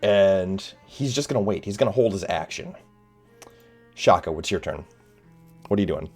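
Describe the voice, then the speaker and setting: Game master, man with a very low voice, slow and halting narration, faint music in the background. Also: expressive, darkish tone. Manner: hesitant, many fillers.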